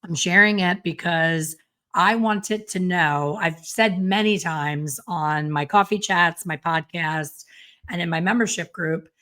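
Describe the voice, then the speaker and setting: A woman's voice: on the low side, fairly bright tone. Chatty woman hairstylist hosting a podcast. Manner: chatty and self-deprecating, quick asides. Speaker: podcast host and hairstylist educator. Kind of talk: casual solo podcast talk.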